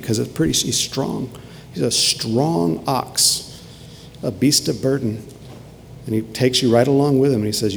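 A man preaches with earnest emphasis and returns to key phrases again and again. His mid-pitched voice carries a long reverb tail, and faint ambient noise sits behind it, as in a church sanctuary. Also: normal speed, gravelly. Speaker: pastor. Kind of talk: sermon.

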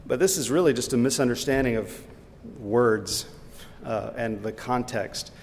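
A man preaches in a mid-pitched voice, throwing questions to his listeners and stressing each point. His voice carries a long reverb through the hall. A faint low rumble sits underneath. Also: measured pace. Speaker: pastor. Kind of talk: sermon.

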